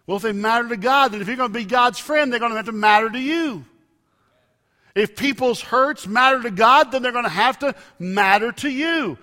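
A man preaching a sermon, with emphatic loud rises and soft drops. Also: very high-pitched, moderate pace. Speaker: pastor. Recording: long reverb of a large hall.

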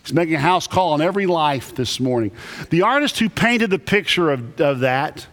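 A man who is a Baptist pastor, preaching a sermon with emphatic, animated delivery and lots of repetition. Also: on the high side, moderate pace. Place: church sanctuary. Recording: echoey church hall.

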